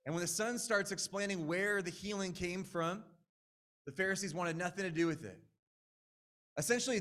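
Man, pastor, casual earnest sermon, fairly high voice, bright and forceful tone. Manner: conversational, earnest, with restarts.

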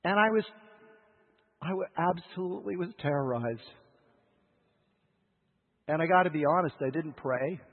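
A man preaching a sermon in a husky voice, telling a story with emotional swings between loud urgency and hushed lows, heard over a tinny radio broadcast. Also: moderate pace, pauses often. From United States. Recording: tinny radio broadcast with long hall reverb.

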